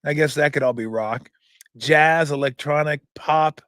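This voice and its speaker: A man hosts his own show with a casual, profane rant, sarcastically mocking what he reads aloud. His voice is a little high and a little slow, fairly bright, in a clean studio with no echo.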